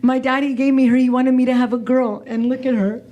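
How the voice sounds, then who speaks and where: A woman's voice: high-pitched, flat delivery, brisk, dark tone, highs cut off, a little hiss or hum. A woman in her forties giving a personal, emotional talk to an audience, often restarting and repeating her words. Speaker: keynote speaker. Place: event hall before an audience.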